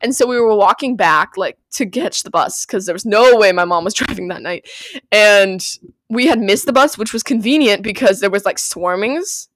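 A young woman hosting a casual solo podcast from her bedroom, chatty and profane, breaking into loud outbursts and laughter. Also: medium pitch, normal speed, no echo. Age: young adult. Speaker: podcast host.

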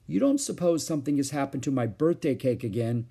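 A man's voice: sing-song, normal speed, a little mellow, slightly rough, exaggerated voice. Man doing an upset young girl. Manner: raised pitch, pleading and upset. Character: young girl, worried and indignant older sister.

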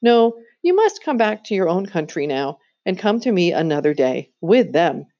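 A woman's voice: fairly low pitch, big pitch swings, moderate pace, mellow, lo-fi sound. A woman voicing a cold, scheming queen who coaxes a boy with sweet, commanding persuasion, in a storybook reading. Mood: coaxing.

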